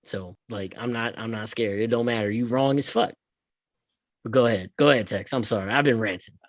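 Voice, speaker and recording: A man hosting a podcast, ranting in casual, profane chat that swings between loud bursts and quiet asides. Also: on the low side, fairly quick, no room sound. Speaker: podcast host.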